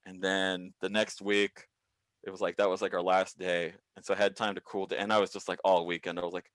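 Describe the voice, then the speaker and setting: A man, a comedian, telling a workplace story over a video call, acting out the people in it with big pitch jumps and plenty of swearing. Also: a little fast, no room sound. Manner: animated, profane, acts out quoted people with big pitch jumps. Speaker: comedian guest. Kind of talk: comic storytelling.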